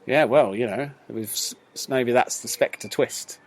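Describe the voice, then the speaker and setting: A man's voice: mid-range voice, moderate pace. A man with a northern English accent chats casually with a mid-range voice, telling jokey anecdotes and breaking into laughter. He is recorded outdoors in a back garden. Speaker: podcast co-host. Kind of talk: casual banter.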